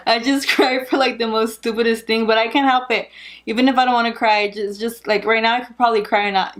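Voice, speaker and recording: A woman's voice: fairly high pitch, steady tone, fast, a bit bright. A young woman vlogger, heavily pregnant, giving a rambling, candid and chatty update with frequent laughs. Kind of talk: casual pregnancy update vlog.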